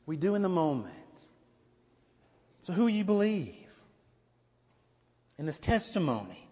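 High-voiced male pastor in an echoey hall. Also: very animated, a little slow, slightly rough. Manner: emphatic, repeating rhetorical questions. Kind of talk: sermon. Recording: echoey hall, dull lo-fi sound.

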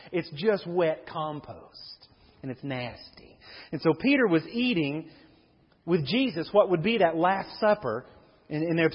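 A pastor preaching a sermon with lively delivery, acting out the voices of Bible figures. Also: male voice, fairly high pitch, husky. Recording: dull lo-fi audio with long hall reverb.

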